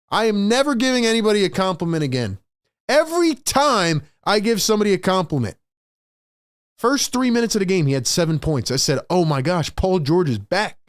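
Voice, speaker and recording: A man hosting a live play-by-play reaction stream. He swings between hyped shouting and frustrated muttering and repeats lines for emphasis. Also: sits high, sing-song, fairly quick, dry recording, studio quality. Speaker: sports stream host.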